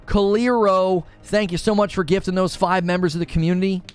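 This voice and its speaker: A man hosting a casual live stream, animated and jokey, often yelling. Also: high-pitched, a little fast, clean tone.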